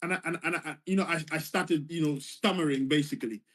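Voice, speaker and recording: High-voiced man telling a story. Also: fast, a bit bright. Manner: earnest, vivid retelling with repeated phrases. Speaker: former foreign service official telling his story. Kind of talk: personal storytelling monologue.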